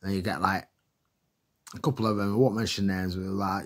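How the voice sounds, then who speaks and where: A man's voice: low voice, steady tone, a little fast, pauses often. A middle-aged man tells rambling stories in a chatty way, laughing often and filling his talk with fillers. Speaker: vlogger. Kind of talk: casual rambling storytelling.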